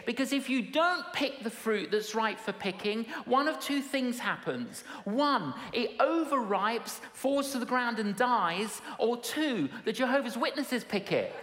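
A woman's voice: fairly high pitch, a bit bright. A woman preaching a sermon in a large hall, emphatic and humorous, with repetition and punchlines. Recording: echoey hall with long reverb.

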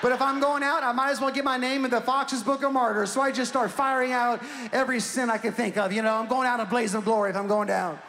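A young man preaching as a pastor, telling a story with self-mocking humor in an animated way. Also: very high-pitched, fast, hardly any pauses, a little hiss or hum. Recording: long hall reverb.

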